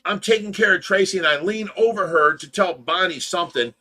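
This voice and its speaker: This older host of a fish rescue livestream has a high-pitched, pushed, bright voice and a brisk pace. He rambles folksily through casual chat, spinning stories with put-on offense.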